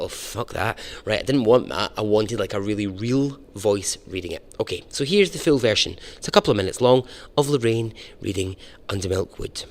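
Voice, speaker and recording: A man's voice: fairly low pitch, animated, a little fast. A man hosting a storytelling podcast, chatty and informal, with casual swearing. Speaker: podcast host.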